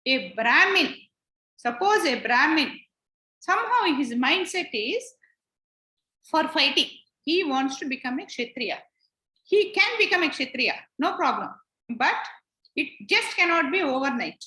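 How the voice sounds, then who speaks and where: High, bright woman teaching scripture. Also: roomy sound. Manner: patient, repeats points and retells stories. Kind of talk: explanatory class lecture.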